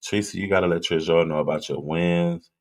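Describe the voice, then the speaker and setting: On a casual livestream, a man with a low voice speaks a little fast. He drinks while reading comments and keeps up loose, chatty talk aimed straight at his viewers.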